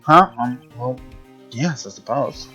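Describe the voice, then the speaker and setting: A male streamer reading game dialogue aloud in his own everyday voice, middle in pitch. He gives the earnest young lawyer a plain read and drops casual, playful asides between lines. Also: slow, sharp tone, slightly rough, lo-fi sound, soft background music.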